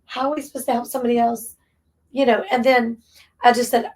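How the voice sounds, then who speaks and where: This relief-shelter operator, a woman from East Tennessee, speaks briskly in a slightly high voice. With Southern phrasing, she earnestly and tearfully describes a difficult moment in a heartfelt conversation.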